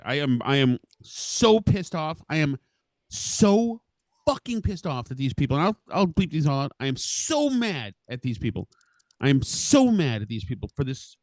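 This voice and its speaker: A man's voice: fairly high pitch, no room sound. A middle-aged man hosting a podcast, ranting furiously and swearing with sputtering restarts. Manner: furious, profane, sputtering rant. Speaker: podcast host. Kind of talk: angry ranting monologue.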